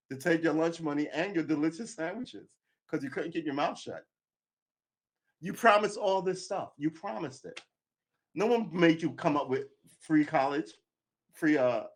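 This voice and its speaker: A man's voice: a little high, animated, moderate pace, long pauses. A man giving live political commentary, angry and sarcastic, swearing, reading news aloud and cutting in with remarks.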